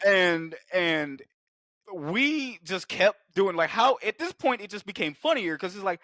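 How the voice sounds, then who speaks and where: A man's voice: high voice, unhurried, no room sound. A man co-hosting a podcast in casual chat, swearing freely and acting out the lines he quotes. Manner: excitable, swears a lot, acts out quoted lines. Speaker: podcast co-host.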